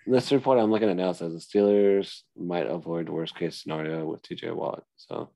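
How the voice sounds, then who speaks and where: A man co-hosting a casual sports podcast, talking in a relaxed way with lots of "like" fillers. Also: deep voice, normal speed, vocal fry. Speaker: podcast co-host.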